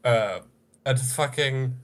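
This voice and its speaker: A man's voice: medium pitch, slow pace, a crowd in the background. A man calling in to a live stream, casually arguing his opinion. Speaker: caller. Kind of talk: casual call-in argument.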